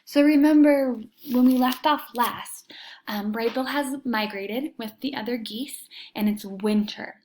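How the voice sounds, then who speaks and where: A young woman reading a children's novel aloud, with casual asides to listeners and soft, hushed passages. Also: a little high, a little slow, a little hiss or hum, poor audio. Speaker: reader.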